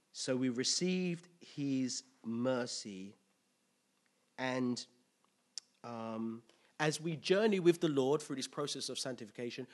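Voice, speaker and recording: A man preaching a conversational sermon, telling stories with lively impressions. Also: medium pitch. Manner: storytelling with animated impressions and laughter.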